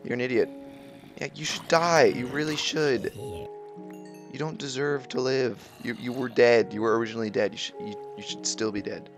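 A teenage boy giving casual, excitable commentary while playing a video game, grumbling and exclaiming at what happens. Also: mid-range voice, moderate pace, over music. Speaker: gaming video creator.

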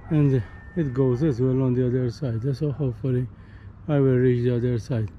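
Filming his walk on a hiking trail, a Maltese man talks casually and chattily, frequently tagging on "eh?" while growing weary and out of breath. His mid-range voice keeps a steady tone at a moderate pace. Highs are cut off, and there's slight hiss or hum.

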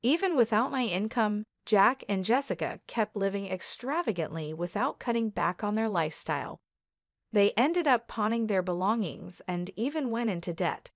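Steady woman narrating a story. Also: medium pitch, normal speed, no room sound, studio quality. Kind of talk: scripted first-person story narration.

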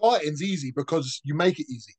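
A man talks bluntly in a casual podcast chat, using slang and swearing freely. His voice sits a little high for a man. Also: animated, quick pace, a little mellow, poor audio. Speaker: podcast co-host.

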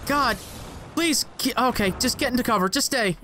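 A young man commentating his gameplay, excitable and sarcastic, swearing and talking back at the game. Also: very high-pitched, normal speed, slight background noise. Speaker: let's play gamer.

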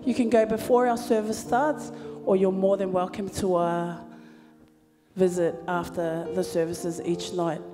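Speaking unhurriedly in a lowish voice over music, a woman hosts a church program as emcee, sharing a joke and announcements with playful banter. She's a lively storyteller, and the church hall recording carries reverb and live church sound.

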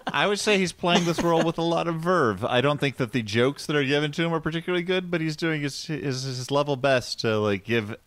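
A man co-hosting a comedy podcast, speaking in a measured, dryly appreciative way. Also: on the high side, fairly bright tone, no room sound. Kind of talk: casual comedic chat.

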